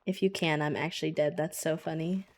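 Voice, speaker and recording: A woman streamer giving casual live gaming commentary, giggly, slangy and excitable. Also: sits low, a little fast.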